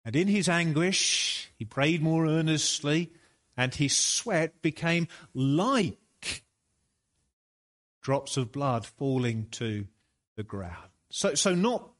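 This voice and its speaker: A man preaching a sermon, slow and deliberate, building to emphatic peaks. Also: on the high side, animated, a bit bright.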